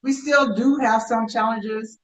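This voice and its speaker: A woman's voice: a little high, steady tone, a little slow. Woman, interview guest, thoughtful, repeats herself, roomy echo, far from mic. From United States. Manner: thoughtful, repeats herself while finding words. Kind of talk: casual interview chat.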